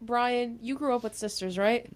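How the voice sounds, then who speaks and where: A woman's voice: a little high, moderate pace. A young woman on a radio show, teasing a co-host dryly and without apology. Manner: dry, teasing, unapologetic. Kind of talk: casual sports radio banter.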